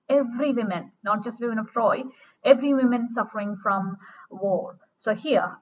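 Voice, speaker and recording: A woman giving a recorded literature lecture, reading verse aloud slowly and dramatically, then explaining it with much repetition. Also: on the high side, slight background noise. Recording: dull distant recording.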